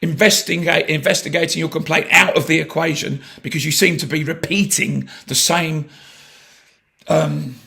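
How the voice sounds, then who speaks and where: Gravelly British man pressing a complaint. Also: on the high side, fairly even intonation, normal speed, pushed and bright. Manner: sarcastic, pressing, blunt. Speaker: complaining customer. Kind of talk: heated phone complaint.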